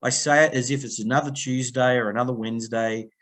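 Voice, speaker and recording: A middle-aged Australian man, a people-pleasing coach, appears as a guest on a conversational podcast interview. His medium-pitched voice moves at a quick pace as he tells animated stories and acts out quotes from phone calls in other voices.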